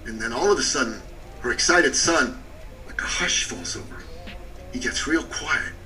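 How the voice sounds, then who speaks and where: Bright, forceful man telling a story. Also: mid-range voice, moderate pace, far from the mic, soft background music, low-quality recording. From Canada. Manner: animated storyteller, short punchy phrases, drops to a hushed tone for emotional parts. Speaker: business coach and podcast guest. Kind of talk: storytelling on a podcast.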